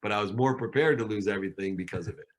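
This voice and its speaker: Middle-aged male guest, low voice, animated storyteller who acts out quotes. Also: very fast. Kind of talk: storytelling in a podcast interview.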